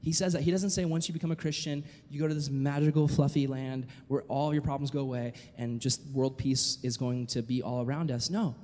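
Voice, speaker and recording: A man's voice: medium pitch, fairly even intonation, a little fast, hardly any pauses, dark tone. A man preaching a sermon, reading scripture aloud and asking the listeners rhetorical questions. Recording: long hall reverb.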